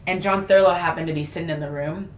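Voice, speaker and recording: A woman on a podcast, telling a self-mocking story in a casual, animated way and laughing often. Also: sits low, fast. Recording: echoey room with faint noise.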